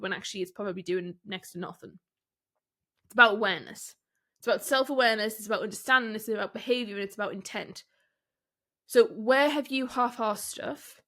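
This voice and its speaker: A woman hosting a solo business podcast, coaching listeners in a direct, candid way with rhetorical questions and quick laughs. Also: on the high side, a bit bright.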